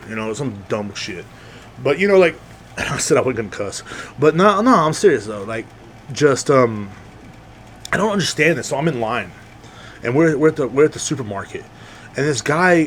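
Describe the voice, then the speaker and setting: There's slight background noise behind this young man's mid-range voice. Hosting a podcast, he rambles through a casual monologue and animatedly impersonates the people he talks about.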